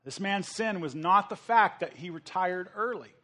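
A man from the United States preaching a sermon as a pastor, animated, acting out the voices of people in his story. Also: high voice, normal speed.

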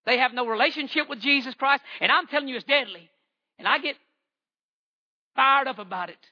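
A man's voice: very high voice, fairly quick, bright, forceful tone, muffled recording. A man, giving a fervent church testimony with repeated phrases and stammering restarts. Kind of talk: impassioned testimony sermon.

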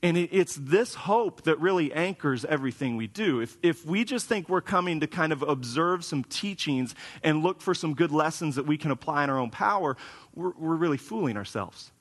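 A man with a fairly bright, somewhat high voice speaks expressively at a moderate pace. He's a pastor giving a conversational sermon, casual and wry, often restarting his sentences. The recording, made in a church sanctuary, carries a long hall reverb.

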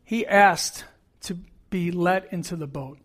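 A man's voice: sits high, slow, a bit bright. A middle-aged man preaching a sermon as pastor, earnest and emphatic, repeating key phrases.

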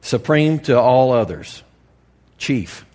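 A man preaching to a congregation in a candid, folksy way, dropping to a hush and then rising to loud emphasis. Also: mid-range voice, animated, takes it slowly. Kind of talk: sermon.

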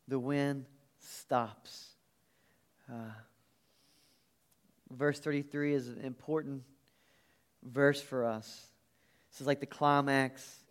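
A man preaching a sermon as pastor, earnest and animated, often restarting his phrases. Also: medium pitch, clean tone.

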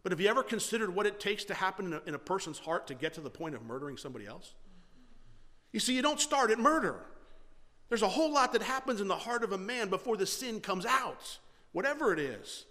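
A man's voice: high-pitched, very animated, quick pace, pushed and bright. A man preaching a sermon in an earnest way, often repeating and restarting his phrases and putting questions to his listeners. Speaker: pastor. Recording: long hall reverb.

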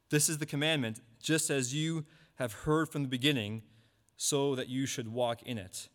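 A man preaching a sermon, asking rhetorical questions and repeating key points slowly. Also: fairly high pitch, a bit bright. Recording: long hall reverb.

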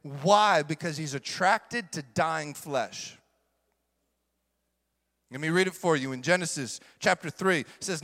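High, bright-voiced preaching man in a hall. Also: a little slow, pauses often. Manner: emphatic preaching, repeats key lines for weight. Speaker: pastor. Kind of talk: sermon. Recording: echoey hall with long reverb.

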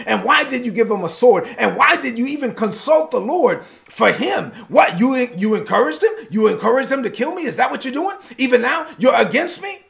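A male preacher voicing a furious, paranoid king who shouts accusations. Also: very high-pitched, pitched above the performer's own voice, exaggerated voice.

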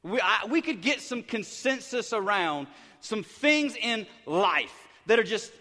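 A middle-aged pastor preaching a sermon, hyper and excited, tumbling through restarts and repeated words. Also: male voice, high-pitched, a little slow. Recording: big hall reverb.

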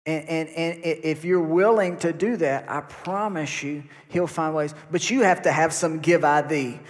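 A man preaches to his congregation, his voice sitting a touch high for a man. He keeps asking the listeners questions. A long reverb hangs behind him, as in a church hall. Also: normal speed. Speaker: pastor. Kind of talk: sermon. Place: church sanctuary.

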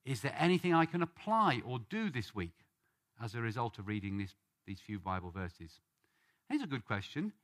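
A man's voice: medium pitch, sing-song, normal speed. A man from Britain giving an earnest sermon-style Bible teaching and leading a study group. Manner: earnest, rising on questions and names.

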